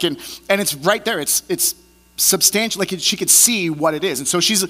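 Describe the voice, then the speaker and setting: A pastor preaches a sermon in a relaxed, conversational style, animatedly acting out the people and scenes in his stories. His slightly high voice is bright, forceful and creaky, and he talks a little fast. A long reverb hangs around every phrase, as though he is in a large church sanctuary.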